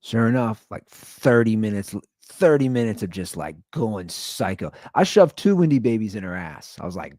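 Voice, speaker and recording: A tired man with a low voice hosts his own show in a loose, blunt monologue, stumbling over restarts as he rambles. His pitch swings widely up and down as he talks. The sound is close and dry, with no room around it. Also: sing-song, normal speed, hardly any pauses, a little mellow, dry recording. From Cincinnati area. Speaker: podcast host. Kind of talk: casual solo monologue.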